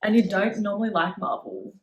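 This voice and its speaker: A woman's voice: mid-range voice, fairly quick. A young woman with a mid-range voice chats on a podcast as a guest. She is easygoing and agreeable, dropping casual fillers. The sound carries a roomy echo. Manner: easygoing, agreeable, lots of "yeah" and "like". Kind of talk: casual chat.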